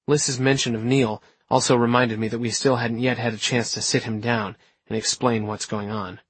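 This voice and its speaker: A man reading a first-person story aloud in a steady, measured way. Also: medium pitch, husky, no room sound. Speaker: audiobook narrator. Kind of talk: first-person scripted narration.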